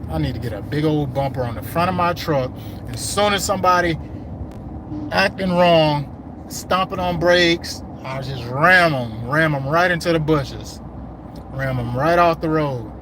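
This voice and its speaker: A man who runs a landscaping business, chatting casually on a livestream from his truck, rambling and slangy, his voice going hoarse. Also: on the high side, a little slow. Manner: rambling, laid-back, slangy talk. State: hungry and losing his voice. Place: inside his truck while driving. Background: faint vehicle road noise.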